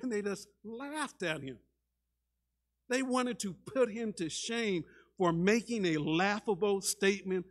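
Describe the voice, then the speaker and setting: Slow, high-voiced man preaching. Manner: dramatic, acts out quoted voices, swings between loud and hushed; repeats words when starting sentences. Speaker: pastor. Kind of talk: sermon.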